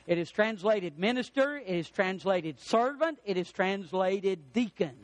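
A man's voice: high-pitched, animated, unhurried, no room sound. A man preaching a sermon, emphatic, drawing out the words he stresses.

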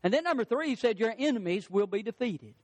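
A man's voice: high-pitched, expressive, fast talker, in a large hall. A male pastor delivering a sermon, building emphatic repeated lines and acting out the quotes he tells. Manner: preaching with rising emphatic lines and acted-out quotes.

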